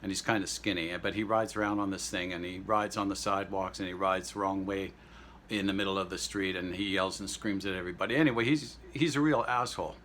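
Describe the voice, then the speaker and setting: A man's voice: sits low, fairly even intonation, quick pace, fairly bright tone, a little hiss or hum. A man telling rambling, indignant everyday anecdotes in a casual vlog monologue. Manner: greets the audience in French and German. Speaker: vlogger.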